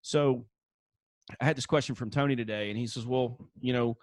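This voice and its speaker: A man's voice: medium pitch, fairly even intonation, a little fast, darkish tone, no echo. Guy cohosting a podcast, cracks dry jokes, mid voice, dead dry room. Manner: wry, joking asides. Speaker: podcast co-host. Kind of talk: casual chat.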